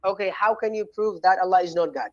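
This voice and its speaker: A man's voice: high-pitched, quick pace, no room sound. Guy with arabic accent, hesitant, keeps restarting, muffled dry call sound. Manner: hesitant, repeats himself, tries to get a word in. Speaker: caller in a debate. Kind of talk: heated call-in debate.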